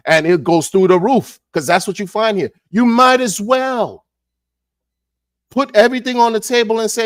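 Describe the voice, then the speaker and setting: A man ranting in a casual monologue, animated and sarcastic, repeating words and laughing often. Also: high voice, moderate pace, no echo, clean studio sound. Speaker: crypto commentator.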